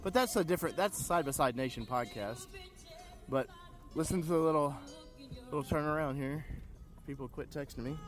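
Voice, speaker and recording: A man's voice: fairly high pitch, a little fast, faint music behind. A man hosting an off-road podcast on the road, rambling in casual, self-mocking chat. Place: on the road and on the trails.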